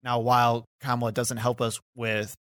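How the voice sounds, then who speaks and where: A man's voice: medium pitch, flat delivery, moderate pace, a bit bright, clear, resonant tone, dry recording. Chatty podcast man, dry close sound. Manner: talkative, laughs often, hedging asides. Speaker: podcast co-host. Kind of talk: casual political chat.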